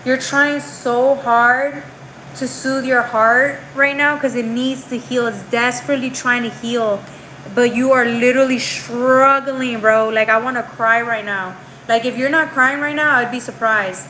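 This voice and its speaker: In a live tarot reading, a woman speaks a little slowly with a high-leaning, pushed and bright voice and fairly even intonation. The poor audio has a little hiss or hum. She's chatty and slangy, calls the viewer girl and bro, tags lines with "right?", and often restarts or trails off mid-phrase.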